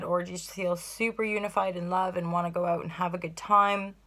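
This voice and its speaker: A woman's voice: on the low side, a bit bright. A woman giving a casual spiritual tarot reading, rambling and bubbly, laughing often as she talks. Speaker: tarot reader.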